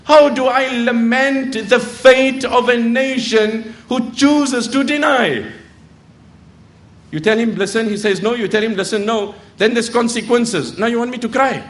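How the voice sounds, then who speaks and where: A man's voice: very high-pitched, steady tone, normal speed, few pauses. A middle-aged man preaching a sermon, telling stories, acting out quoted voices and reciting Arabic verses.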